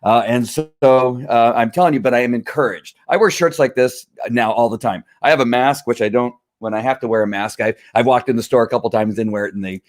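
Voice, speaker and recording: A middle-aged man hosting his own show, talking in a rambling, halting way with many fillers and an earnest, emphatic tone. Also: mid-range voice. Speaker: show host. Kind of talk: casual live-stream monologue.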